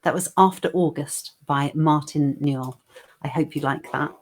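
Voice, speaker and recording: A woman co-hosting a chatty online show who reads a poem aloud in a gentle way and laughs easily. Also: sits low, normal speed. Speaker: co-host. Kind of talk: poem reading and casual chat.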